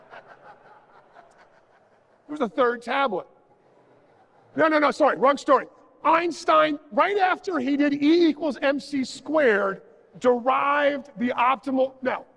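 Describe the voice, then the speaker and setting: On stage in a large, reverberant conference hall, a man gives a jokey, sarcastic talk and acts out little dialogues along the way. His voice is very high, a bit bright, and marked by vocal fry.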